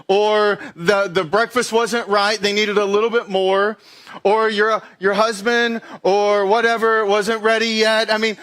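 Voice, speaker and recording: A man with a fairly high voice delivers a sermon as pastor at a church. He talks conversationally, pokes fun at himself and acts out animated asides. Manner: conversational, self-deprecating storytelling with animated quoted asides.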